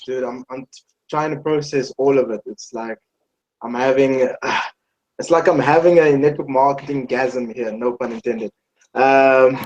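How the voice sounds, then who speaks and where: A man's voice: mid-range voice, a little mellow. A man moderates a group call and stumbles through his questions with many ums and restarts. His voice comes through a muffled, lo-fi line. A faint noise hangs under it.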